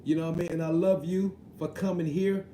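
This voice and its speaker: Reading chat on his live stream, a man talks casually with a high-pitched, mellow voice, fairly quick yet steady in tone. He cracks plenty of jokes, leans on slang and keeps saying "you know what I mean," all in an echoey room with a faint hum.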